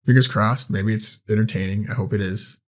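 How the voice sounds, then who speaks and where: Casual low-voiced male podcast co-host. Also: fairly even intonation, fairly quick. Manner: loose, swearing, enthusiastic recommending. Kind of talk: casual chat.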